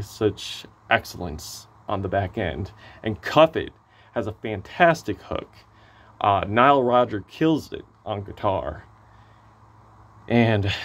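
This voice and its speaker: A man with a hoarse voice giving a casual, excitable album review, gushing and swearing freely. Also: on the low side.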